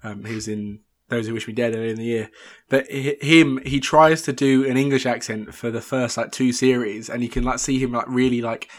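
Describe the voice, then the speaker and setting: A man's voice: mid-range voice, steady tone, fairly quick. A man co-hosting a casual film chat, talking loosely and searching for names. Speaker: co-host film reviewer.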